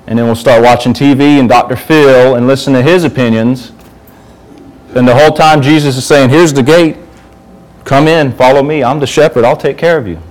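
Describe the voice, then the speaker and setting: A man's voice: mid-range voice, poor audio. A man giving an informal sermon to a youth group, talking conversationally and asking the group questions.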